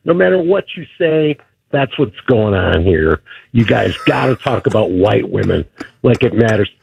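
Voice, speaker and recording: A man calling in to a radio show, speaking haltingly at first and then turning combative. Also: lowish voice, lively intonation, gravelly, a little mellow, husky, dry recording. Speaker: caller. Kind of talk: call-in radio talk. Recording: dull lo-fi phone line.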